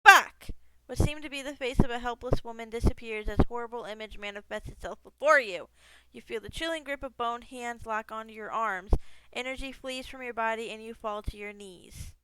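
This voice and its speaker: A woman's voice: fairly high pitch, brisk, few pauses, background noise. A woman gaming streamer reading a text game aloud, breaking off into casual asides, swearing freely and laughing at herself.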